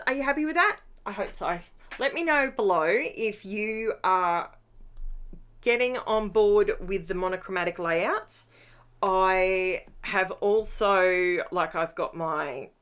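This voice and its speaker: A woman's voice: medium pitch, a bit bright. Chatty tired woman crafter. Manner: chatty, upbeat, rambling asides. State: tired at the end of a long day. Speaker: craft vlogger. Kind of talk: casual voice-over narration of a scrapbooking process.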